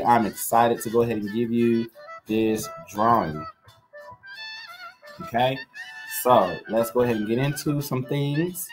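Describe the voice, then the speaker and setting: Live-sale host: man, mid-pitched, chatty and upbeat, faint music underneath. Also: a little slow, long pauses. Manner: chatty and upbeat, talks straight to viewers. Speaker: live-stream jewelry seller and host. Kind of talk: live-stream sales chat.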